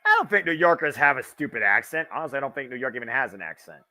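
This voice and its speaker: Medium-pitched, animated, and rapid-fire, his voice comes out pushed and bright. The Midwestern host of this casual live wrestling watch-along keeps up chatty, wisecracking commentary laced with swearing.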